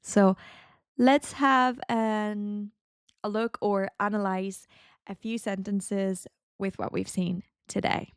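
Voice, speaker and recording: A woman teaching beginner Spanish, saying each phrase slowly and carefully and repeating it as a drill. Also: mid-range voice, fairly even intonation, clear, resonant tone, no room sound, clean studio sound. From Spain. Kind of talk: beginner language lesson.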